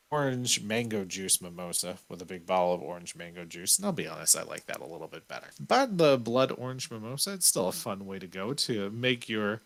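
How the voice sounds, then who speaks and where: A man's voice: fairly low pitch, fairly bright tone. A man hosting a podcast, talking casually in an easygoing, self-deprecating, joking way. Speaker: podcast host. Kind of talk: casual chat.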